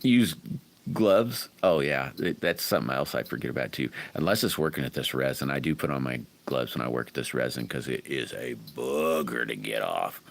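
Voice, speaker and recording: An extremely low, gravelly voice belongs to a middle-aged man casually hosting a livestream at a moderate pace with lively intonation. He chuckles often and rambles in a folksy, chatty manner while answering viewers by name from the comments.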